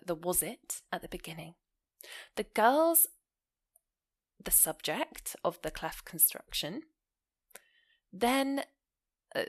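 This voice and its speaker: A woman explaining English grammar in an online lesson, speaking clearly and pausing to ask the listener questions. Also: medium pitch, fairly bright tone. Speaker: English teacher.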